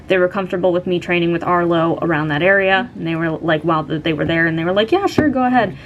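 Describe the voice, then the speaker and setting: A woman's voice: on the low side, fairly even intonation, fast talker, highs cut off, a little hiss or hum. A young woman vlogger casually telling a story, chatty and full of "like" and "um". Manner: chatty, lots of "like" and "um".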